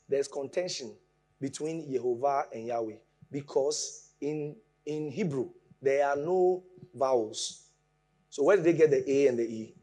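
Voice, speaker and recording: A man with a medium-pitched voice preaches a sermon, explaining things with lively emphasis that swings from quiet asides up to raised points.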